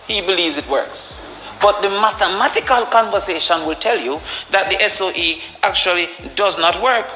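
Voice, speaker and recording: Jamaican guy arguing in parliament, highish voice, big echoey hall. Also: bright, forceful tone. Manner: argumentative, emphatic. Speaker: politician. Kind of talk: parliamentary speech. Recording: echoey chamber reverb.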